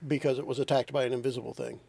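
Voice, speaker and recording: A man running a tabletop game as game master, relaxed and laughing, thinking aloud as he checks the rules. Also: medium pitch, racing, creaky.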